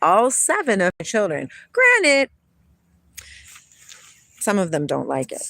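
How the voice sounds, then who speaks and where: A woman's voice: mid-range voice, wildly swooping pitch, slow, creaky, long pauses, a bit bright, no echo. A middle-aged woman hosting a casual livestream, chatting, laughing often and reading spiritual passages aloud, outdoors near water. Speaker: livestream host.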